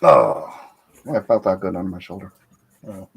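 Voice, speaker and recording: A man's voice: low voice, animated, unhurried, gravelly, slightly rough. A man hosting a casual livestream chat on a computer mic, rambling and laughing often. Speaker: livestream host. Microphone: computer mic on a video call.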